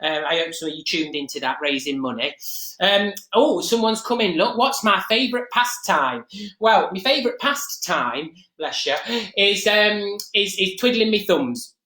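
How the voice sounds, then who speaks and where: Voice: medium pitch, animated, normal speed, pushed and bright. A performer playing Mrs Mabel Green, a chatty, gossipy middle-aged Nottingham woman with an East Midlands accent, rambling through a comic live-stream monologue. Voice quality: rambling, gossipy, with many fillers and asides. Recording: echoey room.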